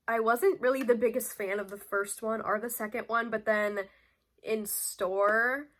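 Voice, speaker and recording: A woman's voice: mid-range voice, a bit bright. A young woman vlogging casually to camera, rambling with many fillers and restarts. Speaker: beauty vlogger.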